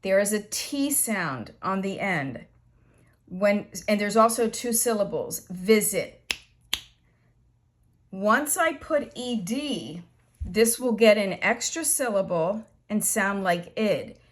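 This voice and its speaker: A woman teaching an English grammar lesson, explaining slowly and patiently with repeated examples. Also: medium pitch, animated.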